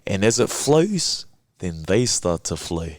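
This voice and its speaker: A man guest on a casual podcast, laid-back and reflective, laughing often and slowing down on key words. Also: on the low side, sing-song, no echo, clean studio sound. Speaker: podcast guest, men's work facilitator.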